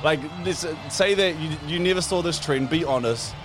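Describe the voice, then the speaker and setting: A man with a New Zealand accent co-hosting a podcast in relaxed, slangy banter. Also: on the high side, moderate pace, music in the background. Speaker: podcast co-host. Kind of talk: casual chat.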